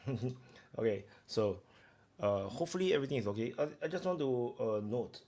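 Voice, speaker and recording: A man hosts a live stream in a casual, rambling style, talking to viewers and filling gaps with chatter full of fillers and restarts. His mid-range voice is expressive, fairly quick and somewhat dark in tone.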